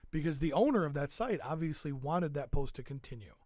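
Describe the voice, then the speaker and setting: A man's voice: on the high side, expressive, fairly quick, darkish tone, no echo, clean studio sound. A man co-hosting a casual podcast, ranting and swearing freely about an online forum. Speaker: podcast co-host. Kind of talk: casual chat.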